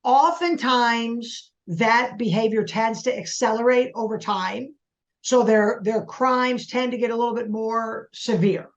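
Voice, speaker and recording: A woman's voice: on the high side, a little slow, muffled recording. Woman psychologist explaining in an interview. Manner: explanatory, listing points. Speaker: forensic psychologist. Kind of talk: expert interview.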